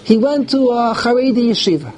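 A man's voice: very high voice, animated, fairly quick, darkish tone. A man teaching a verse-by-verse Torah class to live listeners. He reads Hebrew verses, translates and explains them, often restarts his phrases, and stresses the harsh words.

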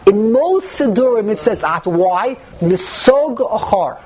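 A woman's voice: medium pitch, animated, slow, a little mellow, husky, poor audio. A woman teaching a religious text class, explaining step by step and asking herself rhetorical questions.

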